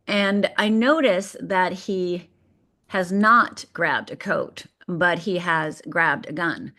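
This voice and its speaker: A middle-aged woman from Michigan tells her own story as a podcast guest. She speaks vividly and lets key moments land with deliberate pauses. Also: lowish voice, bright, forceful tone. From Upper Peninsula of Michigan. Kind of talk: telling a personal story on a podcast.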